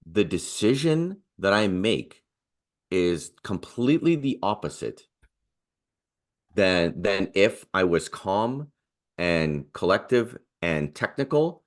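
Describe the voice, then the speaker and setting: A podcast guest with a low voice tells personal stories in an earnest, casual manner. He speaks as if he's chatting with a friend across the table. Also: big pitch swings, slow. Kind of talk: casual conversation.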